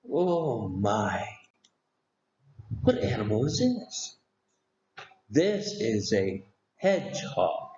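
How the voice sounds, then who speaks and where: Slow, animated man teaching children. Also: medium pitch, roomy sound, dull audio. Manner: slow, exaggerated, animated questions to young children. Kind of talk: children's lesson.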